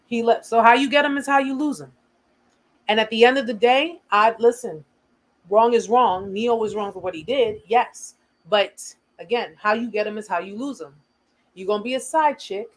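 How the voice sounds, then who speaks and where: A woman's voice: a little high, moderate pace, poor audio. Emphatic American woman hosting a livestream. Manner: earnest, emphatic, repeats points for stress. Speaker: host of a survivor support livestream. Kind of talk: casual livestream talk.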